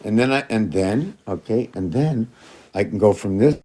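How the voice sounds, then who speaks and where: A man's voice: lowish voice, lively intonation, normal speed, background noise. A man in a rambling, casual monologue who talks to his cats in a raised, coaxing voice and jumps between loose ideas.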